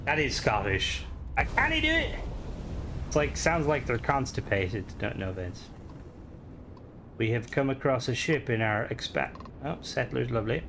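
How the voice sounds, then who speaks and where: A man's voice: mid-range voice, moderate pace, noisy background. Chatty Irish man streaming a game. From Ireland. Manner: rambling, chatty, full of filler words. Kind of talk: casual gameplay commentary.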